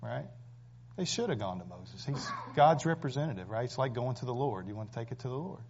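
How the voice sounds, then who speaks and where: A man's voice: medium pitch, animated, brisk, darkish tone, a little hiss or hum. A man preaching a sermon, emphatic and full of rhetorical questions. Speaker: pastor. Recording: dull lo-fi recording.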